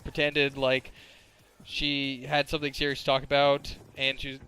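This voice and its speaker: A man's voice: medium pitch, completely flat delivery, moderate pace, pushed and bright, smooth. A man in his twenties telling crude, rambling stories as casual gameplay commentary, full of filler words. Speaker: gaming commentator.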